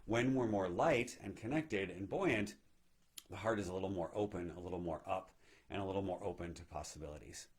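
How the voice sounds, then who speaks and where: Low, husky-voiced man teaching meditation. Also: a little fast. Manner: gentle, reflective, frequent "right?" check-ins. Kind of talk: spiritual teaching talk. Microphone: live video stream.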